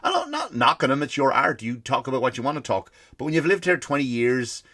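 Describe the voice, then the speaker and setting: A man's voice: mid-range voice, very animated, quick pace, pushed and bright, dry recording, clean studio sound. An Irish man in his forties, a comedy podcast host, ranting in a rambling, profane way full of restarts. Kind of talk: comedic rant.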